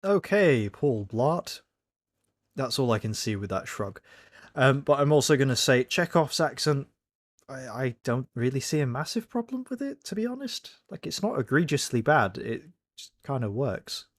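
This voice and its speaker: A man's voice: mid-range voice, sing-song, moderate pace, no room sound. A man hosting a reaction video, talking casually and correcting himself as he rambles. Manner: rambling, self-correcting, candid.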